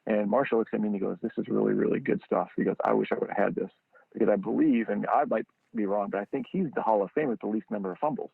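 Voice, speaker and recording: A man telling a story as a guest on a podcast. He acts out the people he quotes with sudden high jumps in his voice. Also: fast, creaky, breathy edge, no room sound. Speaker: guest, training football founder. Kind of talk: animated storytelling. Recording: dry, tinny phone-line sound.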